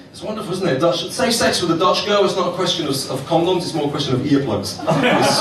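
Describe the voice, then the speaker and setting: A man's voice: fairly high pitch, lively intonation, quick pace, few pauses. A middle-aged man hosting a comedy club night, working the crowd in a cheeky, swearing stand-up manner. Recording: echoey club from far off, noisy.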